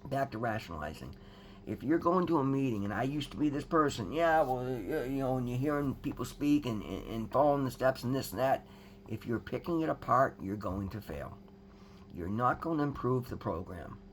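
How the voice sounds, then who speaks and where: A man's voice: medium pitch, animated, moderate pace, slight background noise. A man giving an earnest, rambling personal testimony to his viewers, emphatic and calling them guys. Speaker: recovery vlogger.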